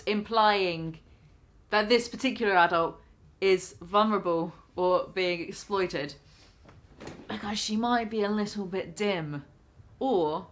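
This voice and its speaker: A woman's voice: medium pitch, a bit bright. A British woman vlogger reading out a news story and online comments and mocking them, swearing freely and laughing often. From Britain.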